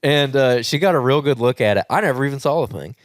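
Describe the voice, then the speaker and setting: A man with a Southern US accent hosting a podcast, telling a hunting story in rambling, animated casual chat with frequent laughs. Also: medium pitch, fast, dry recording, clean studio sound. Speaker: podcast host.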